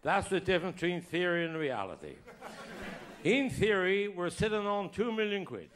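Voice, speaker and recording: A man telling crude stand-up jokes with lively delivery and laughter. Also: high voice, fairly quick, noisy background. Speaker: stand-up comedian. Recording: roomy echo.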